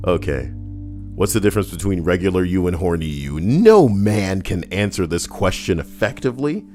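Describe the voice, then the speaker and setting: A man's voice: low voice, expressive, moderate pace, warm tone, soft background music. A man streaming, reading out comments with crude, profane jokes.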